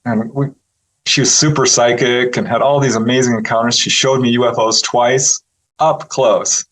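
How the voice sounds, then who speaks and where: A man with a voice of middling pitch, speaking as an interview guest. He tells his stories in a casual, lively way, often laughing and putting on voices for the people he quotes. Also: normal speed, poor audio. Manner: animated storyteller who laughs often and acts out quotes. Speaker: interview guest, UFO researcher.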